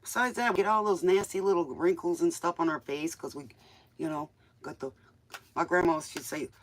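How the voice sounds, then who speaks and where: Her voice is smoky, fairly low in pitch, and at an ordinary pace. She's a tarot reader and DJ host doing a casual live tarot chat, rambling folksily as she reads cards for her viewers.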